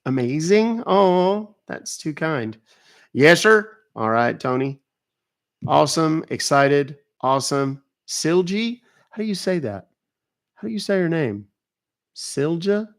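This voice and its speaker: A man's voice: a little high, very animated, measured pace, a bit bright. A man from North Texas, hosting a casual livestream, chatting with viewers and playing dumb with a phone caller. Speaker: livestream host baiting phone scammers.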